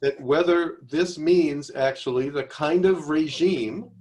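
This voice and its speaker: Brief: male tutor running a class discussion, slightly high voice, pushes students to commit to their answers. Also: slow pace, a little mellow. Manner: probing, coaxing students to restate and commit. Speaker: seminar tutor.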